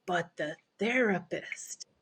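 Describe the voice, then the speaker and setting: A woman's voice: lowish voice, lively intonation, takes it slowly, fairly bright tone, breathy edge, full character voice. A woman imitating a middle-aged Italian man with a put-on Italian accent. She speaks his lines in broken English with eager, repeated yeses. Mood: stern recounting.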